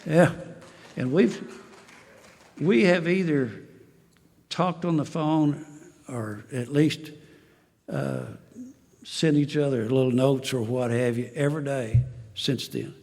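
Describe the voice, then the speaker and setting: A man's voice: mid-range voice, takes it slowly, vocal fry, long pauses, darkish tone, in a large hall. A man, telling his life story to a recovery meeting in a folksy, dry-humored way and chuckling at his own jokes. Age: 70s. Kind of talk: personal testimony to an audience.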